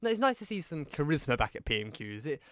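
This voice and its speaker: A young man co-hosting a casual political chat on the radio. His voice sits a little high and sounds smooth and crisp. The studio mic is close and dry, and he slips in impressions of politicians as he talks. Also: sing-song, fast talker, a bit bright, no echo. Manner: chatty, mimics politicians mid-story. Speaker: radio show co-host.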